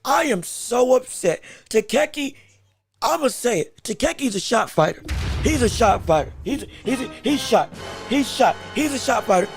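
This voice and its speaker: Brief: high-pitched husky male host, strained voice, excitable live fight commentary. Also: normal speed, faint music behind. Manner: shouts encouragement at fighters, excitable and emphatic. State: straining his voice. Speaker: podcast host.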